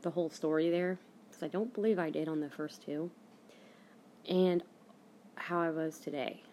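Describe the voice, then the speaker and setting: A woman's voice: low-pitched, steady tone, moderate pace, warm tone, slight background noise. A young woman hosting her own podcast, telling a personal story in a rambling, casual way with lots of fillers. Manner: rambling, frequent fillers and restarts. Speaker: podcast host.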